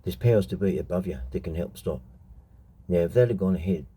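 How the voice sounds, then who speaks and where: A middle-aged Australian man rants in an unscripted monologue, blunt and full of swearing. His voice sits low, with a very dark, mellow tone and a husky edge. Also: fairly quick. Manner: blunt, heated, profane ranting. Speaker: show host telling stories.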